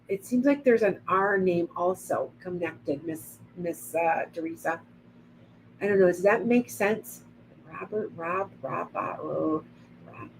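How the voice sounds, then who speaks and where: A woman's voice: on the low side, a little hiss or hum, poor audio. A middle-aged woman giving rambling psychic readings on a live stream. She greets viewers by name as she goes. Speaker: psychic medium.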